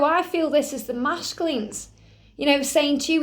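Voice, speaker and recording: High-voiced woman giving a spiritual reading. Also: normal speed. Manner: earnest, reassuring, with frequent asides. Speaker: spiritual reader.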